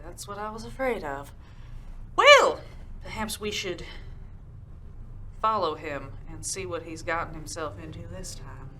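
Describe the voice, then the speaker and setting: A woman's voice: fairly low pitch, measured pace, pauses often. A woman voicing a shrewd, protective adventurer in a tabletop role-play, speaking firmly and probing for answers. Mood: resigned. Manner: firm, probing, calm.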